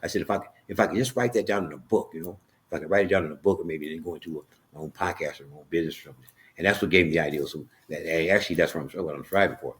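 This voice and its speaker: A man's voice: sits low, very fast. A man telling his personal story as a podcast guest, earnest and emotional, often restarting and repeating words. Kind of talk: candid personal storytelling in an interview.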